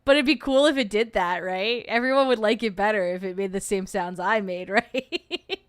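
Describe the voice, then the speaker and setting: A woman's voice: medium pitch, normal speed, smooth, no room sound, clean studio sound. A young adult woman hosting a livestream, chatting casually and joking in rambling asides while reacting to a video. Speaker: host.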